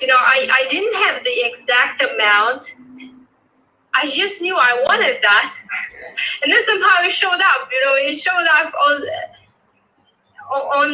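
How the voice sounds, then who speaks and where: Soft-spoken woman, bright and high. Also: rough recording. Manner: soft-spoken and halting, full of "you know". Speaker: coaching client and guest. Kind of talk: casual interview.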